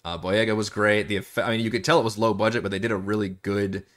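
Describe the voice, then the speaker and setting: A man's voice: on the low side, steady tone, quick pace, a bit bright. A man acting as dungeon master, chatting casually and rambling during live-streamed game prep, often laughing and swearing.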